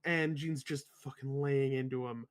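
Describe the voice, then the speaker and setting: A man's voice: medium pitch, fairly even intonation, moderate pace. A man co-hosting a casual film discussion podcast, talking loosely with lots of swearing and frequent laughs. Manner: profane, laughs often. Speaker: podcast co-host.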